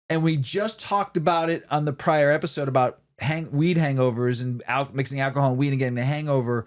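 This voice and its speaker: A man's voice: mid-range voice, steady tone, a little fast, few pauses. A man co-hosting a podcast, telling a rambling story in casual chat, swearing freely and acting out what he said. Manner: rambling, swears often, acts out his own lines. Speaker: podcast co-host.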